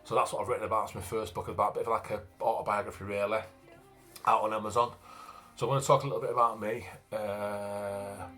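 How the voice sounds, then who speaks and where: In a fast, forceful voice that's fairly low, bright, and level in tone, a man in his fifties from Manchester talks about himself. The vlogger and author has a broad Manchester accent and a blunt, filler-heavy casual style, over faint background music.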